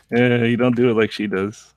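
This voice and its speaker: A man's voice: mid-range voice, darkish tone. A man hosting a casual podcast chat, rambling with restarts and frequent laughs. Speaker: show host.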